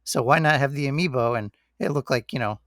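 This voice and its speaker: A man co-hosting a podcast in casual chat, relaxed and rambling. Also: medium pitch, brisk, no echo, clean studio sound. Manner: relaxed, rambling, says "like" and "you know" a lot. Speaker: podcast co-host.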